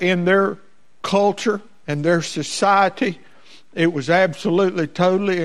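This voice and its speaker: Preacher guy, high voice, folksy sermon, gets loud and fired up. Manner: folksy southern preaching cadence, rising to impassioned shouts.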